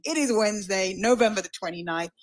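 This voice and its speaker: A woman's voice: medium pitch, fast. A woman gives a casual market report on a podcast. Her delivery is breezy and slangy, with a mid-range voice. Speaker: weather report presenter.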